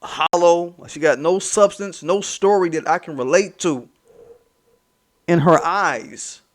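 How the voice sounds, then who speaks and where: A man's voice: a little high, a little slow. Heated, profane man ranting. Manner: profane, heated, mocking, repeats himself for emphasis. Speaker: commentary channel host. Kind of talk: ranting commentary vlog.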